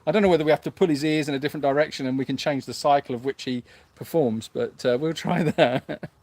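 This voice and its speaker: A man's voice: fairly high pitch, quick pace, a little mellow, no room sound. A man hosting a sanctuary livestream, reading viewer comments aloud in a hesitant, self-mocking way with lots of fillers. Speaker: animal sanctuary host.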